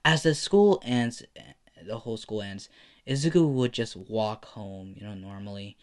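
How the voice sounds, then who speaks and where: A man's voice: lowish voice, unhurried. A man with a slight lisp narrating a fan story casually, rambling with lots of fillers.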